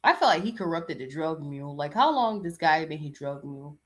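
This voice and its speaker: A woman's voice: low voice, expressive, fairly quick. Sassy woman gossiping on a podcast. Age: young adult. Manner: chatty, sassy, reads news aloud and riffs on it. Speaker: podcast host. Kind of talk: casual gossip commentary.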